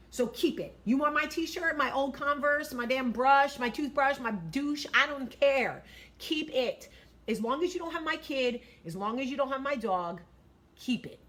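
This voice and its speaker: A woman in her forties hosting a vlog, giving blunt, profane, animated advice talk. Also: high-pitched. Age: 40s. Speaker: vlog host.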